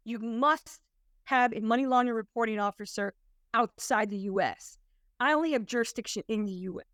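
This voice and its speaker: A woman's voice: a little high, fairly quick, a bit bright, no room sound, clean studio sound. A woman working as a compliance consultant, talking to an audience in an emphatic, conversational storytelling way. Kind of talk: presentation to an audience.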